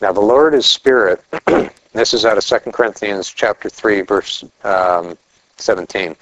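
A man's voice: lowish voice, unhurried, fairly bright tone, lo-fi sound. A middle-aged man preaching a conversational sermon, asking rhetorical questions and telling anecdotes. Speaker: pastor.

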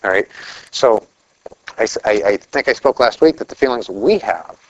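A man's voice: fairly low pitch, expressive, moderate pace, dull audio. A middle-aged man preaching a conversational sermon, asking rhetorical questions and telling anecdotes. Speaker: pastor.

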